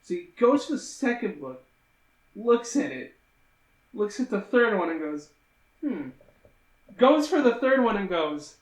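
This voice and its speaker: A man co-hosting a podcast, recapping a film in relaxed chat and agreeing easily. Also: high-pitched, normal speed. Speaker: podcast co-host. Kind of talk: casual movie-recap chat. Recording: echoey room.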